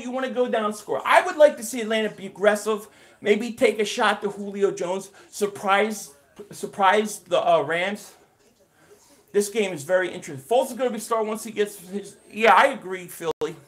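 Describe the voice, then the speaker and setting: Host, man, higher voice, energetic play-by-play on a live stream, chats with his viewers. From Philadelphia area. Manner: excited play-by-play calling, reading and answering chat. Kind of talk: live game reaction stream.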